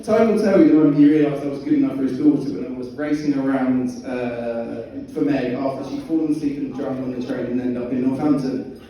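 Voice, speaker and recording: A man's voice: medium pitch, quick pace, muffled recording. A young man giving his wedding speech as the groom, joking and chuckling through his lines. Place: wedding reception hall. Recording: echoey hall, distant mic, noisy.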